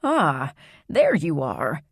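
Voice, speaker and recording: A woman voicing a calm, secretive grandmother who speaks in a soft, low, soothing way. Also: drawn-out words, vocal fry, breathy edge, no echo, studio quality, exaggerated voice.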